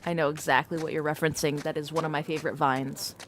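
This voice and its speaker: A woman's voice: deep voice, little pitch movement, quick pace, a little hiss or hum. A woman streaming a game in casual chat, playful and trying out silly voices.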